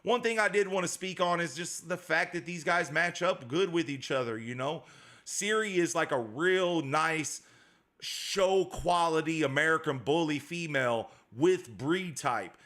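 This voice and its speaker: A man's voice: on the high side, unhurried, a bit bright. A man hosting a casual livestream as a dog breeder, reading out viewer comments in a slangy, repetitive way.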